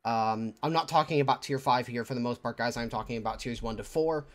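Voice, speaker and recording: A man's voice: mid-range voice, fast. A man sharing his views on a gaming podcast. He is opinionated but hesitant, with many ums and restarts. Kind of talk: casual gaming podcast chat.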